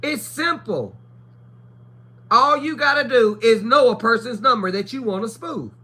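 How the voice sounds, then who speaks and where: A woman's voice: on the high side, a little slow, pushed and bright, slightly rough. A woman chatting casually on a livestream, telling blunt, profane stories and acting out the voices of people she quotes. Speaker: livestream co-host. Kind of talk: casual chat.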